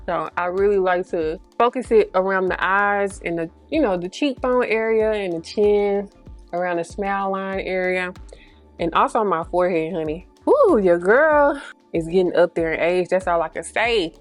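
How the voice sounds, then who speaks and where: Thirties woman beauty vlogger, mid-pitched, casual and rambling, bit breathy. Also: normal speed, soft background music. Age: 30s. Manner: chatty, slangy, rambling asides; a little breathy, holds breath mid-sentence. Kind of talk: casual get-ready-with-me chat.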